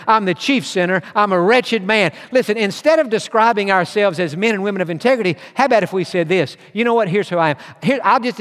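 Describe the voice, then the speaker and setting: A man's voice: high voice, fairly bright tone, big-room sound. A man preaching a sermon with earnest emphasis, reading scripture aloud and driving his points home. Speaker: pastor.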